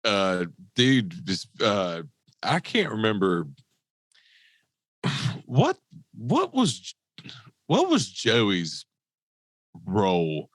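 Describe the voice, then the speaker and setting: Brief: low-pitched male co-host, blunt, rambling, dry sound. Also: huge pitch swings, drawn-out words, long pauses, no room sound. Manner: blunt, swears often, rambling. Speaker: podcast co-host. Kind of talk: casual chat.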